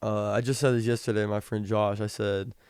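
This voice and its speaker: A young man hosting a podcast, talking casually about the Bible, reading scripture slowly and rambling with frequent restarts. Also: on the low side, level tone, a little mellow, smooth, no echo, studio quality. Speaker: podcast host. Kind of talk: casual Bible teaching talk.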